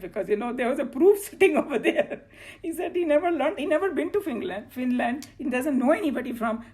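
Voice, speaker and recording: A woman with an Indian accent teaching a scripture class in a chatty, loose way, telling personal stories. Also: high voice. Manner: chatty, loose phrasing, slips into Hindi.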